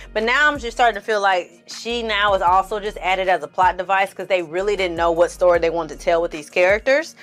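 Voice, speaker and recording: A woman giving a casual, sassy TV review on her vlog. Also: medium pitch. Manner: sassy, expressive, acts out scenes in funny voices. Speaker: film and TV reviewer.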